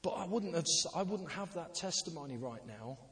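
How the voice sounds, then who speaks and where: A man gives a sermon, telling personal stories in a self-deprecating way. His voice is bright and clear, with a forward ring. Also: on the high side, expressive, a little fast. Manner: anecdotal, self-deprecating storytelling. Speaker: pastor.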